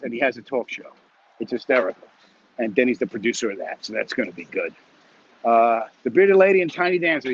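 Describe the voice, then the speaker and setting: A man's voice: medium pitch, lo-fi sound, a little hiss or hum. A comedian chatting casually with viewers and reading their comments as he walks home, a bit winded, talking into a phone. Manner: rambling, joking, chatty. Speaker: comedian hosting a weekly live chat. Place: outdoors, walking home.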